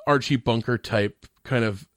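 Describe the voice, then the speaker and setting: A man's voice: medium pitch, normal speed, no echo, clean studio sound. A man co-hosting a casual movie discussion podcast, retelling scenes with energy and laughing as he goes. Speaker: podcast co-host.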